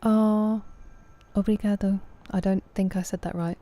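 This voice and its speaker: A woman's voice: mid-range voice, steady tone, normal speed, warm tone. A woman with a British accent chatting casually with viewers during a live game stream, answering them by name.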